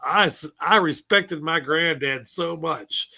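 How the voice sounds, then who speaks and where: A man's voice: a little high, takes it slowly, vocal fry, pushed and bright. A man co-hosting a casual radio talk show, blunt and swearing, with laughing asides.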